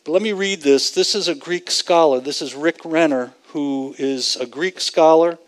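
Heard through a rough recording, a man with a higher-leaning voice teaches a sermon at a moderate pace. He stresses his points earnestly and emphatically, acting out scripture quotes vividly as he explains them.

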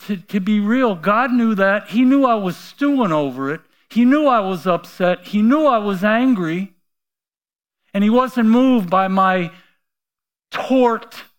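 In a high voice, a middle-aged pastor recounts a personal story during his sermon. He performs the voices of the people he quotes and alternates between quiet asides and loud bursts.

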